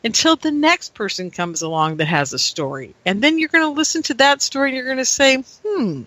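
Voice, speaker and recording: A woman speaks as a talk-radio guest in a bright, sharp voice, venting with feeling. She jumps up in pitch to mimic gullible people she disagrees with. Her voice sounds close and dry, with no room echo. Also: very animated, brisk. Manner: ranting, mimics gullible listeners in raised voice. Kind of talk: animated talk-radio rant.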